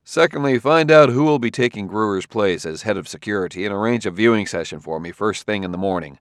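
A man's voice: on the low side, brisk, dry recording, studio quality, close to an everyday voice. A male audiobook reader voicing a stern, tired middle-aged detective who reasons tersely. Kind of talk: audiobook character voice.

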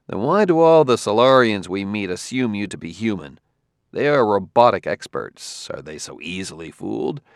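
A man voicing a wary male detective who talks crisply and gives orders. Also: on the low side, big pitch swings, normal speed, no echo, clean studio sound. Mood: commanding. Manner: sharp, giving crisp orders.

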